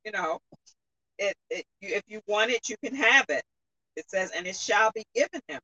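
A speaker walks through a Bible verse phrase by phrase, pausing and restarting often. The voice is bright and mid-pitched, and the recording is dry. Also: expressive, no room sound, poor audio. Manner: halting, explains verse phrase by phrase. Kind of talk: scripture explanation.

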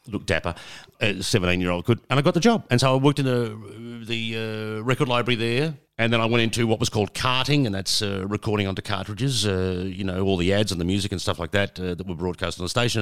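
A man's voice: on the low side, fairly bright tone. A middle-aged Australian man telling stories as a guest in a casual interview, rambling and self-mocking, with lots of fillers. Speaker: guest, radio broadcaster.

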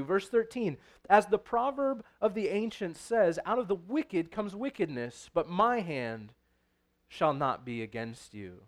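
High-voiced man preaching a sermon. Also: expressive, measured pace. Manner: reads scripture aloud, then explains it conversationally with frequent "right?".

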